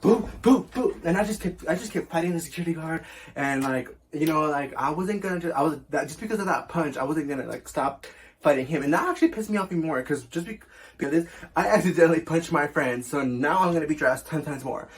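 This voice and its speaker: A man's voice: fairly high pitch, quick pace, slight background noise. A young man telling a casual storytime as a vlogger, chatty and full of fillers, swearing often.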